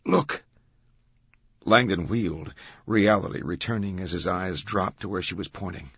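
Deep, husky man reading an audiobook. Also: a bit bright, no room sound. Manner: measured, dramatic reading. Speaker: narrator. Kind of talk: audiobook narration. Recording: dull, dry studio sound.

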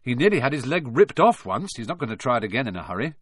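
A man's voice: mid-range voice, sing-song, fast, breathy edge, dry recording, studio quality. A man voicing an easygoing, lazy schoolboy wizard in a storybook reading, laid-back and reassuring.

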